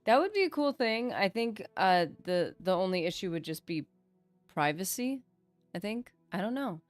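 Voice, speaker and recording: While playing on stream, this woman keeps up a rambling, chatty commentary, teasing herself, letting sentences trail away and starting again. She has a mid-range voice with big pitch swings and a moderate pace, there's no room sound, and faint music plays behind her.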